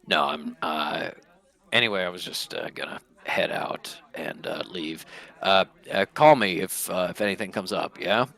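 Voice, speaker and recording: A man's voice: sits low, normal speed, creaky, sharp tone. A man playing a tabletop game on a voice call, speaking in character and narrating his moves, hesitant with many fillers and restarts. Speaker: tabletop player.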